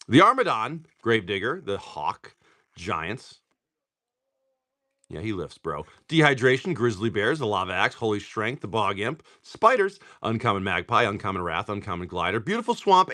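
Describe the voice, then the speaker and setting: Opening card packs on a live stream, a young man rattles off card names in rapid lists and jokes around with his chat. His slightly bright voice leaps up and down in pitch, and his delivery is loose and rambling.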